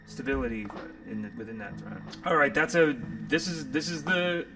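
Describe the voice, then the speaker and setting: A man's voice: fairly high pitch, animated, normal speed, recorded from a distance, music in the background. A man hosting a live tarot reading stream, rambling and jokey, sometimes profane. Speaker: tarot reader and stream host.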